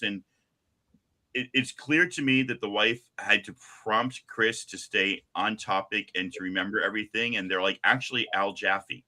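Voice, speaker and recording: A man in his fifties from Long Island, hosting a live stream and telling stories in a chatty, animated way. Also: fairly low pitch, moderate pace. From Long Island, New York. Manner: chatty, animated, acts out what people said. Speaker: comic shop live stream host. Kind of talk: casual storytelling chat.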